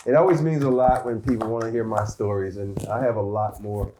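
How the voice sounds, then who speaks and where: A man's voice: on the low side, fairly quick, background noise. A man telling stories as an interview guest, laughing often, recorded in an outdoor courtyard before a live audience. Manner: laughs often, animated storytelling. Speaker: guest, former basketball player. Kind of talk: casual storytelling interview.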